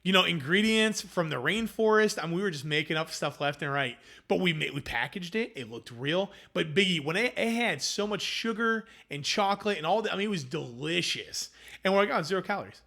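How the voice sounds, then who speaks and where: Guy with a bright higher voice, chatty founder story, does all the voices in his quotes. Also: brisk. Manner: animated, acts out quoted dialogue. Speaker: food company founder. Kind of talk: casual interview storytelling.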